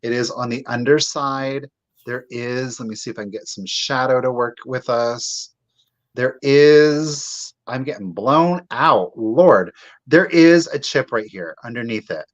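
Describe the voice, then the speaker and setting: A man hosting a live online sale, chatting and gushing as he shows each item to bidders. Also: medium pitch. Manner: chatty and gushing, drawn-out exclamations, addresses bidders directly. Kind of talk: live sales stream, showing items on camera. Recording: slightly dull lo-fi audio.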